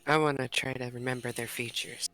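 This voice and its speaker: A woman's voice: a bass voice, fairly even intonation, brisk, fairly bright tone. A woman playing a tabletop role-playing game, describing her character's actions and thinking aloud. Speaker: player. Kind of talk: casual chat.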